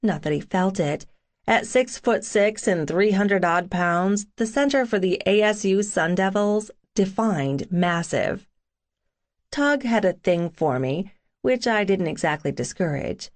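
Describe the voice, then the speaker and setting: A woman narrating a first-person romance audiobook in a sassy, wry tone. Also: medium pitch.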